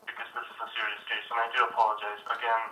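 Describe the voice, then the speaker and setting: A man's voice: medium pitch, monotone, very fast, pushed and bright. A man working as a customer support agent, apologizing politely on a phone call and hedging with fillers. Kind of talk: scripted customer service phone talk. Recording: tinny, distant phone line with echo and faint noise.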